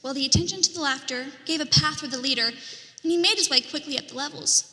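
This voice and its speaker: Female merchant storyteller, animated and theatrical, bright tone, long church reverb. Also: sits high, fast talker. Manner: animated, dramatic storytelling with whispered asides. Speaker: merchant character in a church drama. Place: church sanctuary.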